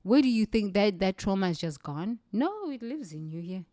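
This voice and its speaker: A woman's voice: mid-range voice, very animated, normal speed, mellow, slight background noise. A middle-aged South African woman, a native Zulu speaker, giving an impassioned motivational talk with emphatic, repeated phrases. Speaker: livestream speaker.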